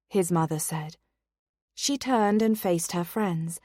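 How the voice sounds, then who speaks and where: A woman narrating a romance audiobook in a steady, unhurried reading voice on a close studio mic. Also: on the low side, dry recording.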